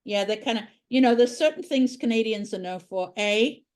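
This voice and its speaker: A woman's voice: on the high side, lively intonation, brisk, darkish tone. A woman art teacher giving a drawing tutorial, talking chattily and thinking aloud as she draws.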